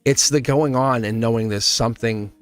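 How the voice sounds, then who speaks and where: A man in a relaxed tarot reading talks to the camera in a chatty, reassuring way. His voice sits in an ordinary middle pitch, and he keeps checking in with the viewer. Soft music plays faintly behind him. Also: normal speed. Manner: chatty and reassuring, often asks "see?" and chuckles. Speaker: tarot reader.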